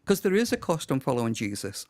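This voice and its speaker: A man's voice: mid-range voice, big pitch swings, fast talker, darkish tone, no echo. A middle-aged man from Liverpool with a Liverpool accent, a pastor telling his story in a casual chat and acting out what people said. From Liverpool, England. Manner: vivid storyteller, acts out quotes. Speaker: pastor, guest.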